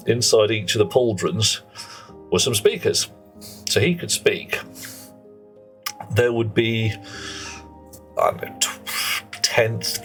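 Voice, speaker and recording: A middle-aged man chatting and rambling in casual commentary while he plays a game on a live stream. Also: on the low side. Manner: rambling, chatty, muttering to himself while playing.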